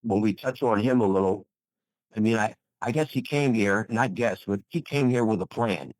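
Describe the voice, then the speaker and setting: A man's voice: lowish voice, moderate pace, a little mellow, no room sound, poor audio. An older man, a retired bodybuilder, giving an enthusiastic interview and repeating phrases for emphasis. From USA. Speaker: guest, retired pro bodybuilder. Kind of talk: enthusiastic motivational interview talk.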